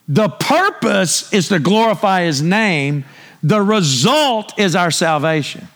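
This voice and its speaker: Emphatic higher-voiced male preacher. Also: lively intonation, measured pace. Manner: emphatic, rhetorical questions to the congregation; draws listeners in with repeated cues. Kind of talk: sermon.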